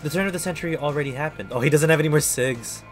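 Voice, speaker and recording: A man's voice: fairly high pitch, racing, faint music behind. A man streaming a video game, rambling in casual commentary and putting himself down. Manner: rambling, self-deprecating.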